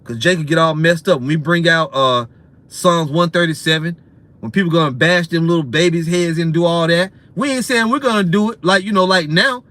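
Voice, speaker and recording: A man preaching a heated, profane, ranting sermon, repeating himself and tagging lines with "man", swinging between loud and quiet and fast and slow. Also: fairly high pitch. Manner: profane, repetitive, swings in loudness and speed.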